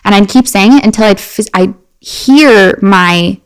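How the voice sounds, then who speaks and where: A woman guest on a podcast, chatting casually and telling animated personal stories with many fillers and restarts. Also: medium pitch, measured pace, clear, resonant tone, rough recording. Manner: animated storyteller. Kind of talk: casual chat.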